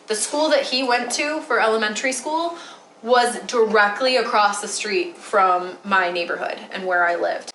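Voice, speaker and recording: A woman's voice: on the high side, fairly bright tone, a little hiss or hum. Chatty woman vlogging in an echoey kitchen. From Metro Detroit, USA. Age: 20s. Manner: chatty, rambling with many "like" fillers. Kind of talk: casual chat while baking. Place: home kitchen.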